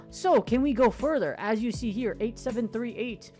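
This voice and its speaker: Woman gaming commentator, higher voice, excitable and jokey, casual swearing, light music bed. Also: moderate pace.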